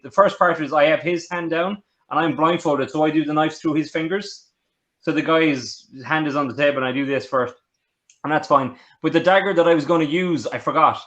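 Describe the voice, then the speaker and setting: A man, hosting a casual chat and telling his own story, quick to laugh. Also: on the high side, fairly bright tone. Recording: dull lo-fi audio.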